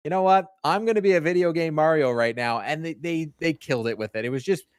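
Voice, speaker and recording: A man co-hosting a casual podcast, talking in an animated way with many stumbling restarts. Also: fairly high pitch, fast talker, clear, resonant tone, no echo. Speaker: podcast co-host.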